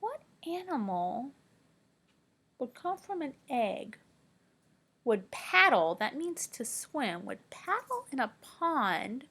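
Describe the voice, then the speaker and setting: A woman teacher reading a picture book aloud to children, playful and animated, with dramatic gasps and hushed whispered questions. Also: high-pitched, slow, long pauses, husky. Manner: drops to whispers when asking questions.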